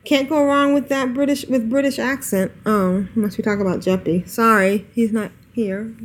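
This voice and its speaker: A woman's voice: on the high side, fairly even intonation, moderate pace. A woman co-hosting a gaming podcast in a casual chat, reading listener emails aloud and often breaking into giggles. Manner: giggly, chatty, trails off into laughs. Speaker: podcast co-host.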